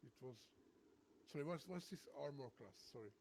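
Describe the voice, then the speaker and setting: Hesitant guy at the game table, mid-pitch voice, trips over his words and says sorry a lot. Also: expressive, a little fast, a little mellow. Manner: hesitant, repeats words and apologizes. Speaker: player. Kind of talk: casual tabletop game chat.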